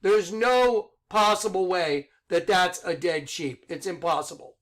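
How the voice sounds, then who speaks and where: A middle-aged man giving an excited religious monologue online, insistent and rhetorical, repeating his points. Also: high voice, unhurried. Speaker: online preacher.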